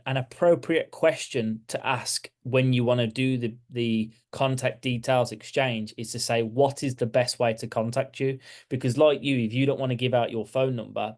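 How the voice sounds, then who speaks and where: A man with a Birmingham accent, chatting casually as an interview guest and talking with lots of fillers and restarts. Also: medium pitch. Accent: Birmingham English. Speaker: guest, architecture practice owner.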